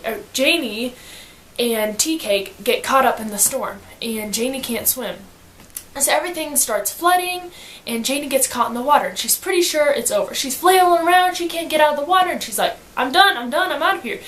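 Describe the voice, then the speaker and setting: A woman giving a casual book summary in slangy, animated storytelling, acting out quotes as she goes. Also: high-pitched, slight background noise. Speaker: student reviewer.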